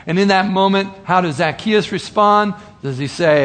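A man preaching a sermon, earnest and full of rhetorical questions, slowing down for emphasis. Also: high-pitched, a bit bright.

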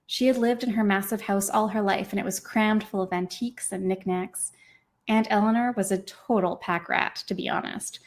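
Woman author reading her book aloud, expressive, mid pitch, easy storytelling. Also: normal speed. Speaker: author and podcast host.

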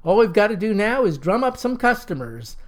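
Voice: medium pitch, big pitch swings, brisk, voice pushed up, natural voice. A storyteller voicing a meek, hapless male slapstick sidekick. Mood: plaintive.

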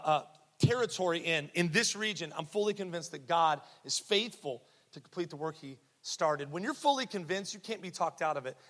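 Male pastor, sermon delivery, punchy repetition and humor; voice a touch high, long church reverb. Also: fairly bright tone. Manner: emphatic, repetitive, jokey. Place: church sanctuary.

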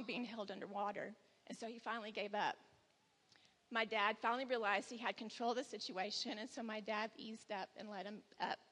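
A woman's voice: on the high side, a bit bright, big-room sound. A woman in her forties giving a personal testimony at church, telling candid stories and acting out her son's lines. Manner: candid storytelling, quotes her son in dialogue. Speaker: church speaker.

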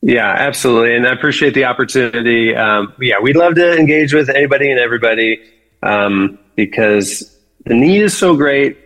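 A man's voice: medium pitch, a little fast, fairly bright tone, in a large hall. A man who founded a ministry, answering interview questions earnestly and often correcting himself mid-sentence. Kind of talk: podcast interview.

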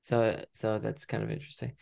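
A man's voice: fairly low pitch, completely flat delivery, fairly quick, vocal fry, dark tone. A man co-hosting a podcast in casual chat, easygoing and teasing, often chuckling. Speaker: podcast co-host.

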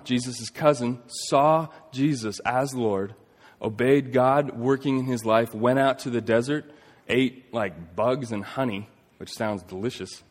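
A man in his thirties preaching a sermon, telling a story earnestly, rising to emphatic points and dropping to a hush. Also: mid-range voice. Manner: earnest storytelling, swings between emphatic and hushed. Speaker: pastor. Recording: long reverb of a large hall.

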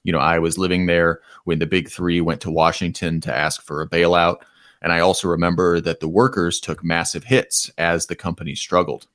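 Deep-voiced man hosting money commentary. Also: no room sound, clean studio sound. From Metro Detroit, USA. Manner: casual, with frequent ums and you-knows. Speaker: podcast host. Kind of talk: opinionated economic commentary segment.

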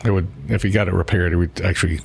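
A jovial man co-hosting a relaxed podcast about his work as an insurance adjuster. His voice sits a little low, and he rambles along with plenty of fillers. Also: very fast, vocal fry, breathy edge. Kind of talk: casual podcast chat.

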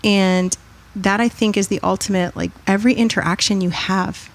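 A woman guest on a podcast, talking in a reflective, conversational way and growing animated when she tells stories. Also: medium pitch, moderate pace. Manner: reflective, animated when telling stories, acts out quoted voices. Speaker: podcast guest, author and speaker. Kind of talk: conversational storytelling interview.

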